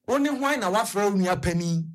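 A woman with a Ghanaian accent chatting on a radio show, telling animated stories and switching between Twi and English. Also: medium pitch, brisk. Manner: animated storytelling, code-switching. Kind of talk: casual chat mixing Twi and English.

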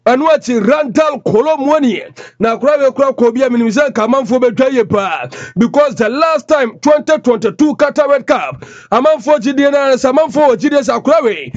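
A man's voice: very high-pitched, expressive, brisk, few pauses, no echo, lo-fi sound. A man presenting radio sports news, rattling off lists of player names.

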